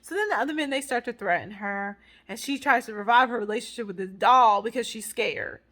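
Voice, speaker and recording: A woman recapping a movie plot in a casual, animated vlog with dramatic asides. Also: on the high side, brisk. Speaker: movie reviewer.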